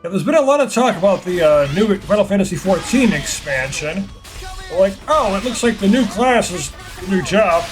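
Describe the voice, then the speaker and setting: A man with a high voice rants his way through a gameplay commentary. He is sarcastic and quick to mock himself as well as others. Game music plays clearly underneath him. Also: lively intonation. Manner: ranting, self-deprecating, sarcastic asides. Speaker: let's play host.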